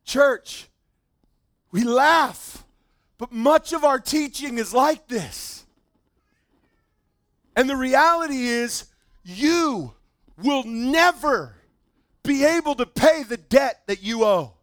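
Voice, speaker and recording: A man preaching a sermon as pastor in a church, animated, swinging from loud emphasis to quiet asides. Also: very high voice, slow pace, long pauses, no echo, clean studio sound.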